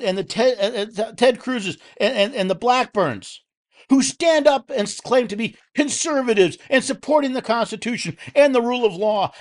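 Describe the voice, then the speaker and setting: A man hosting a political commentary show, speaking angrily and heatedly, with frequent restarts and repeated words. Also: very high voice. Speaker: host.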